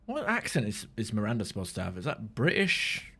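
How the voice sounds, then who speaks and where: A man's voice: on the low side, huge pitch swings, brisk, pushed and bright, slightly rough. A man streaming a video game, talking in a sweary, sarcastic, rambling way. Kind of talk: casual gaming commentary.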